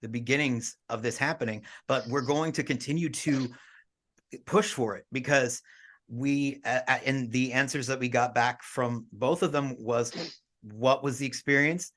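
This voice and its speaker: A man's voice: medium pitch, steady tone, normal speed, a bit bright. A man co-hosting a casual podcast, upbeat and talking with easy fillers and restarts. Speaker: podcast co-host.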